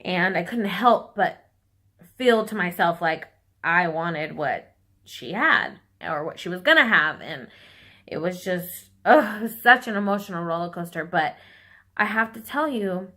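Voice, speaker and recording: A woman's voice: lowish voice, lively intonation, unhurried, pushed and bright. A young woman talking openly and with feeling to her viewers in a personal vlog, tearful at times. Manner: candid and heartfelt, talking straight to viewers. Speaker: vlogger.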